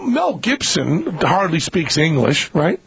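A man hosting a radio show, rambling in a jokey way and acting out little comic bits in a raspy voice. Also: fairly high pitch, wildly swooping pitch, slow pace, fairly bright tone. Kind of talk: casual comedic chat. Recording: muffled radio broadcast.

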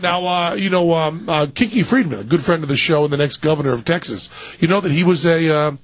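A man with a slightly high voice talks fast as he hosts a radio talk show, rambling, joking, and using lots of fillers while reading a story aloud in casual banter. The recording is dry, with a dull lo-fi radio quality.

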